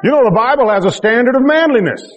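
A man's voice: very high voice, expressive, fast talker, long reverb tail, muffled recording. A man pastor preaching a sermon to his congregation, emphatic and repetitive, with joking asides. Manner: emphatic, repeats key phrases with rising intensity. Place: church.

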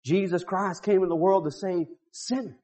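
High-voiced preacher man, shouting and muttering. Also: normal speed. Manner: swings between loud shouting and low muttered asides; folksy storytelling with rhetorical questions. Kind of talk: revival sermon. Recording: dull lo-fi recording.

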